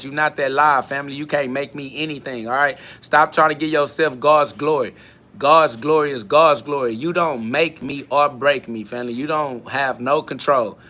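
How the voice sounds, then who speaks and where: A male podcast host, his medium-pitched voice pushed and bright, delivers a spiritual monologue on his own. Taking on listener comments, he's profane, blunt and combative, repeating his signature catchphrases.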